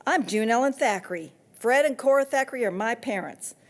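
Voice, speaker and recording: A woman's voice: fairly high pitch, expressive, a little fast, pitched above the performer's own voice. A woman voicing a curious, nosy ten-year-old girl who speaks eagerly and insistently.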